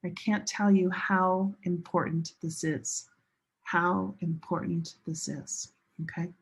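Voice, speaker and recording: A woman teaching English pronunciation in a slightly husky voice. She speaks slowly and deliberately, drawing out the stressed syllables when she demonstrates words. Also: lowish voice, fairly even intonation. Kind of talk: classroom teaching.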